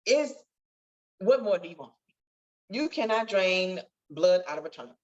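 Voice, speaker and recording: A woman's voice: medium pitch, very animated, unhurried, muffled recording. A woman guest telling her life story in an earnest, testifying way that swells with feeling. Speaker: podcast guest, nurse. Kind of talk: emotional storytelling interview.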